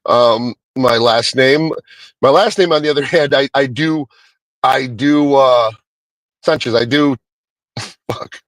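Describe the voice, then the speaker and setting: A Hispanic American man reviews a movie casually, rambling, swearing often and restarting his sentences. His medium-pitched voice is a little slow and fairly bright, and the recording is rough.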